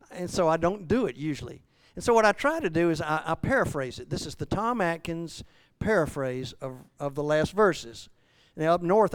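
An older male preacher in his sixties works through scripture in a homey, joking way, tripping over his words and restarting often. His voice is smooth and sits a touch high for a man, and it climbs loud and high when he acts out a frustrated believer. The sound is dry and close to the mic. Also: no echo. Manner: folksy, self-deprecating preaching with many restarts; rises loud and high when voicing the apostle's struggle. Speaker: pastor. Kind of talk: sermon.

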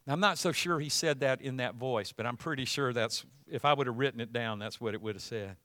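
A man preaching a sermon as pastor, conversational at first, then building to loud, emphatic passages. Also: medium pitch, a little fast, dry recording.

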